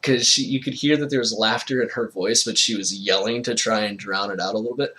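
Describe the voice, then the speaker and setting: A man's voice: fairly low pitch, a little fast, bright, forceful tone. A young man telling a casual personal story, rambling with lots of fillers and frequent laughter.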